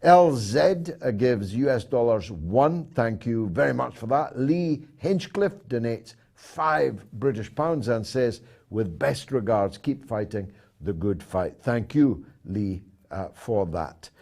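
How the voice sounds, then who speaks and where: A man hosting a talk show, reading out poll results and donations with dry, measured asides. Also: medium pitch, lively intonation, vocal fry, a little mellow.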